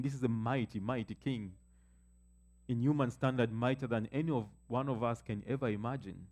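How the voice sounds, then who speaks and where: Male pastor, warm low-key timbre, preaching with building emphasis. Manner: preaching with rising emphasis, slows to read scripture. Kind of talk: sermon.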